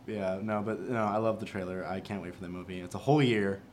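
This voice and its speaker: A young man co-hosting a casual podcast, an excitable storyteller who acts out quoted dialogue. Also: deep voice, fast, a little hiss or hum. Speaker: podcast co-host. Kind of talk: casual chat.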